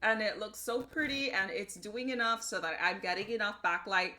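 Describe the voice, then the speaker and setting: Bright-voiced chatty woman streamer. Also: medium pitch, moderate pace. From Puerto Rico. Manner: chatty, laughing asides, greets chat by name. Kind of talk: casual chat.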